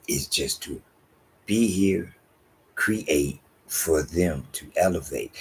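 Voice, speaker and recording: A man, preaching an emphatic, repetitive Bible-teaching sermon that drops into low asides. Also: breathy edge, low-quality recording. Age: 60s.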